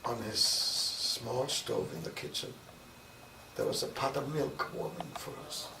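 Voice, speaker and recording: An older man with a Viennese accent telling his story in an oral history interview, with measured storytelling and vivid recalled dialogue. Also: mid-range voice, gravelly. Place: interview room. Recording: roomy, distant mic with noise.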